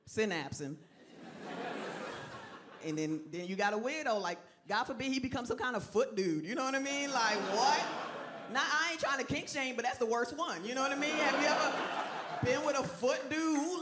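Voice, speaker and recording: A woman doing stand-up in a brash, profane, mock-outraged way. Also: mid-range voice. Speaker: stand-up comedian. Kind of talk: stand-up routine. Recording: loud background noise.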